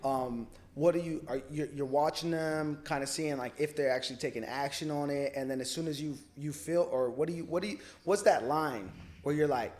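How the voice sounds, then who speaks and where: A man co-hosting a podcast, asking questions casually, haltingly and with some swearing. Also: on the high side, darkish tone. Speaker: podcast co-host.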